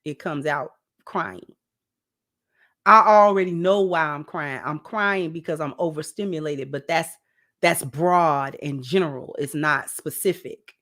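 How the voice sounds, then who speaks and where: Chatty woman giving casual relationship advice. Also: unhurried. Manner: conversational, repeats phrases, drops low and soft for asides. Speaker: relationship vlogger. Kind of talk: casual advice talk to camera.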